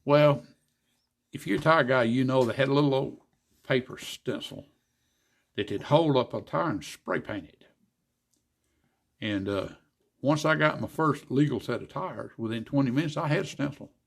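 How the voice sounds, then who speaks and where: Gravelly older storyteller. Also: male voice, mid-range voice, normal speed, long pauses. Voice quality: gravelly, husky. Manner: folksy, animated storyteller acting out dialogue. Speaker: guest, former racer and car builder. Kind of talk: casual storytelling interview.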